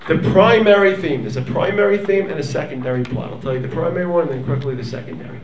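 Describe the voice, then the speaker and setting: A man teaching a lively Torah class, dramatic in his delivery, swinging from low murmurs up to near-shouts. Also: racing, roomy sound, recorded from a distance, slight background noise. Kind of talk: animated Torah lecture.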